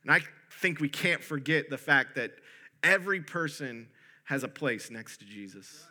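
A man preaching a sermon in an easygoing, animated way, stopping and restarting sentences as he goes. His voice is very bright and sits a little high for a man. He sounds like a pastor talking straight to his congregation. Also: normal speed. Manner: conversational, animated, with frequent restarts.

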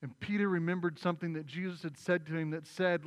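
A man's voice: on the high side, steady tone, quick pace, few pauses. A man preaching a sermon as pastor, retelling a story vividly and acting out the voices. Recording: long reverb in a large hall.

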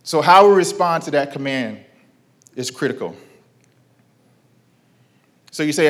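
A man in his thirties delivering a sermon in a relaxed, conversational way. He leans on rhetorical questions and repeats his key lines. He draws call-and-response from the congregation. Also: medium pitch, normal speed, long pauses. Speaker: pastor.

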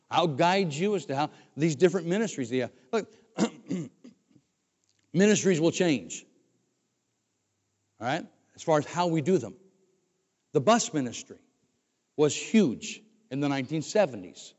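The older man giving this sermon used to be a pastor. His voice is on the high side, darkish with a breathy edge, expressive and unhurried, and he pauses often, conversational and often restarting, in a church sanctuary captured on a dull recording with long hall reverb.

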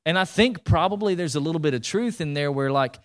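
A man, preaching to his congregation in a conversational, animated way, repeating words and asking the room questions. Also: fairly high pitch, brisk. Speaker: pastor. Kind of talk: sermon.

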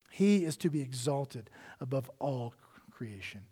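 A male pastor preaching a sermon with earnest passion, swinging between loud emphasis and hushed, near-whispered lines. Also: mid-range voice, animated, moderate pace, breathy edge.

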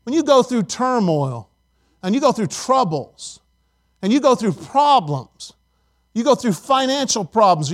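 A middle-aged male pastor preaching a sermon emphatically, calling on the congregation for responses. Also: extremely high pitch.

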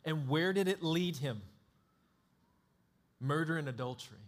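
Male pastor preaching, kinda high voice, dramatic, goes hushed then loud. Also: unhurried. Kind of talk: sermon.

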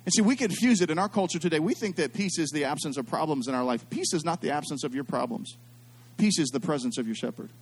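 Animated preaching man, hushed to loud. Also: on the high side, quick pace, breathy edge. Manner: storytelling, swings from hushed to loud and excited. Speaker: pastor. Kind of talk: sermon.

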